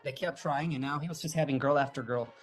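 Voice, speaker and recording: A man's voice: mid-range voice, fast talker, faint music behind. A man, a guest on an interview, telling a long family story in a loose, rambling way with many fillers and restarts. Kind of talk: casual storytelling.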